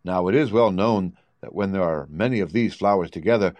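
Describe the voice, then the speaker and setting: A man calmly narrating a storybook aloud. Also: sits low, fairly quick, no echo.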